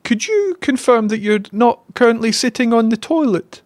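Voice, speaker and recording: A man putting on a high-pitched mock accent to address an AI, mock-formal and slipping. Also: expressive, normal speed, dry recording, clean studio sound.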